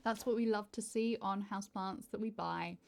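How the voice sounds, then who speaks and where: A woman's voice: mid-range voice, steady tone, normal speed, creaky. A tired British woman, a houseplant vlogger, chatting casually and gushing over her new plants. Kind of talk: casual vlog chat.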